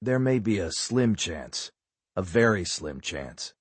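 A man voicing a guarded government agent, low, quiet and measured. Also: sing-song, slightly rough, dry recording, full character voice. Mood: guarded calm.

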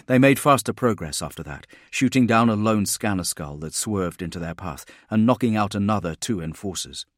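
A man reads a science-fiction audiobook in a steady, measured storytelling manner. His voice sits low, recorded dry and close with no room sound. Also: no room sound. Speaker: audiobook narrator. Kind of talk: scripted narration.

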